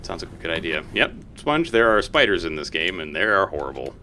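A man's voice: sits low, a little fast, slight background noise. A man streaming a co-op video game, chatting casually, swearing and yelping when surprised. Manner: excitable, swears, yelps in surprise. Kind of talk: casual gaming chat.

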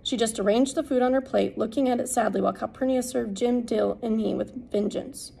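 A woman narrating an audiobook in a steady, unhurried reading. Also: on the high side, creaky, slightly rough, rough recording. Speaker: audiobook reader.

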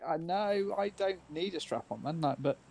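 A man joking through an online game with friends, his slightly high voice gravelly and swinging widely up and down. He throws out puns and mock grumbles. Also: lively intonation, normal speed, over a noisy crowd. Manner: punning, mock-indignant joking. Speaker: player in a streamed game. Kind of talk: casual gaming chat.

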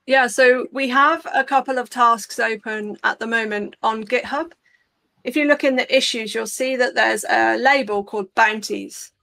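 A woman on a panel walking through practical steps in a clear, conversational way. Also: on the high side, moderate pace, pushed and bright, no echo. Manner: clear, practical, step-by-step explaining. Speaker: open source community leader.

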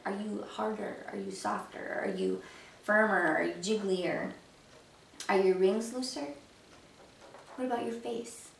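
A woman's voice: medium pitch, vocal fry, slight background noise. A woman fitness coach giving a motivational talk, firing off rhetorical questions with a chatty, filler-laden delivery. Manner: chatty with many "you know" fillers. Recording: roomy echo, mic at a distance.

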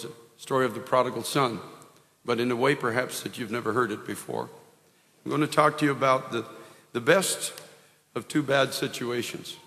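Middle-aged pastor preaching in a reverberant hall. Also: male voice, mid-range voice, a bit bright. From United States. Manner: earnest preaching with frequent restarts and prayerful exclamations. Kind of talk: sermon at an evangelistic rally. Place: large hall.

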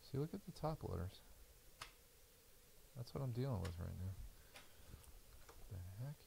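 A man's voice: medium pitch, animated, a little slow, gravelly, noisy background. A man hosting a live card break, chatting casually while he reads out cards, tired and yawning. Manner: chatty, reads out card names as he opens packs. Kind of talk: casual live stream commentary.

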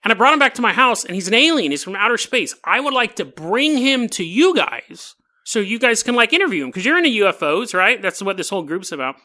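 A man voicing an excitable, lovestruck man who rambles eagerly with laughs. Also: high voice, fast, heavily acted. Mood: insistent. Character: excitable lovestruck man telling his story.

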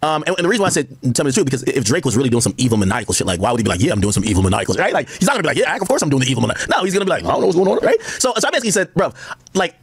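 A man giving rambling, excitable live-stream commentary, full of asides and quoted conversations. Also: on the high side, racing, husky, no room sound. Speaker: livestream commentator.

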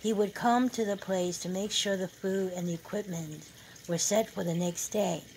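A woman narrating a novel chapter aloud at a steady, measured pace. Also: mid-range voice, a little hiss or hum, rough recording.

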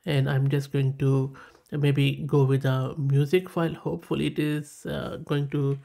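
A man's voice: mid-range voice, flat delivery, unhurried, creaky, warm tone. A man with a South Asian English accent hosting a tech tutorial, talking casually and enthusiastically as he reads results aloud and repeats his praise. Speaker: tech channel host. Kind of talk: casual screen-recorded tutorial.

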